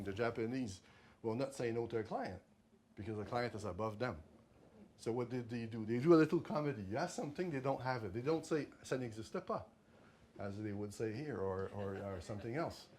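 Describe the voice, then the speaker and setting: A man's voice: medium pitch, a little fast. Quebecois man telling anecdotes at a talk. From Quebec, Canada. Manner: animated storytelling, many restarts and repeated words. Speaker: author giving a library talk. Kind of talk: conversational talk to an audience. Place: library event room.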